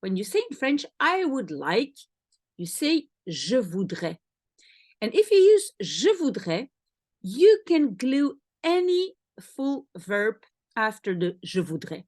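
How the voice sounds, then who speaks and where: A woman with a Belgian Dutch accent, Dutch her first language, explains a language lesson at an unhurried pace. Her slightly high voice swings widely in pitch as she spaces out each example. The sound is close and dry. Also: very animated, darkish tone, no room sound. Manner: slow, carefully spaced explanations with example phrases repeated. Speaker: language teacher.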